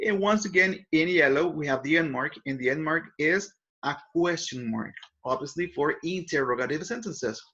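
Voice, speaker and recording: Guy teaching a grammar lesson, kinda high voice, sounds muffled and lo-fi. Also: expressive, moderate pace, a bit bright. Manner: explanatory, repeats examples, frequent self-corrections. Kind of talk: recorded grammar lesson over slides. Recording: dull lo-fi voice recording.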